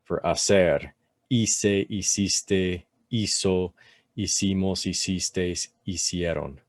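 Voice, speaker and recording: A man teaching a relaxed, casual lesson, with many fillers and "right?" tags as he explains step by step. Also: low voice, takes it slowly, no echo, clean studio sound. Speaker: Spanish teacher.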